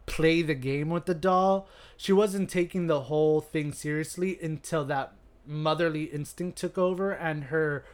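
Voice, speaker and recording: Male podcast co-host, a bit higher voice, animated casual storyteller. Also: measured pace. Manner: animated storyteller, laughs easily. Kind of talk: casual movie recap chat. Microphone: podcast microphone.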